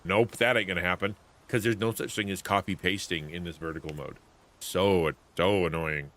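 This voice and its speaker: A man's voice: low-pitched, steady tone, moderate pace, fairly bright tone. A man livestreaming a video game, talking in a rambling, chatty, self-interrupting way. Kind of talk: casual gameplay commentary.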